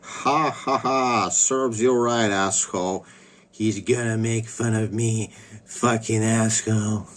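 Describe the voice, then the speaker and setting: A man's voice: lowish voice, steady tone, slow. A man putting on a childish, cartoonish impression of a woman, whiny and profane. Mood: mocking whine.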